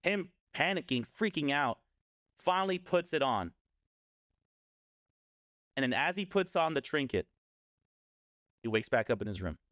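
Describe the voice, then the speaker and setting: A man's voice: a little high, animated, measured pace, pauses often, a bit bright, dry recording, clean studio sound. A man casually telling a scary story on a podcast, rambling and often correcting himself.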